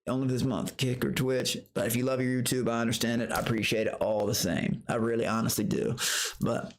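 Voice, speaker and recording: A man streaming live, telling a story in a profane, animated rant, breaking into high outbursts and greeting viewers from chat. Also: a little fast, slight background noise. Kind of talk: casual livestream rant.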